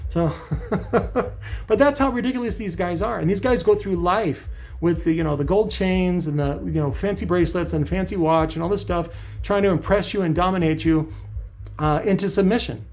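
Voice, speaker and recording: A middle-aged man vents in a blunt, profane vlog rant. His voice sits a bit high for a man and has a gravelly, rough edge. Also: brisk, darkish tone. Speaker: channel host.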